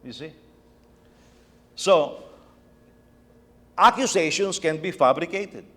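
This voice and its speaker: Brief: middle-aged pastor, higher-pitched man, chatty sermon with stumbling repeats, long hall reverb. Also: animated, takes it slowly, fairly bright tone. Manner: conversational, repeats words, tells family anecdotes.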